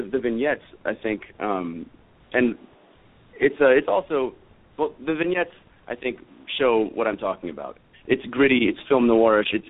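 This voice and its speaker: A man in his thirties rambles through a casual radio interview, full of fillers, restarts and loose asides. His mid-range voice comes over a narrow, phone-like line. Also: mid-range voice. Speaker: guest wrestler. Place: after party.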